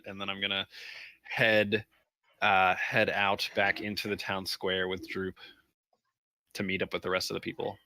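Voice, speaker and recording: Male player, lowish and bright, halting, dry sound. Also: level tone, no echo, poor audio. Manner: hesitant, many fillers. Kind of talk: playing a tabletop game.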